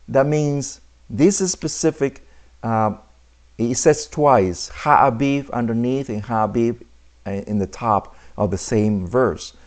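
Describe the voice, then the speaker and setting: A man's voice: medium pitch, darkish tone. Emphatic man teaching scripture. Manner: emphatic, asks rhetorical questions; halting, restarts words.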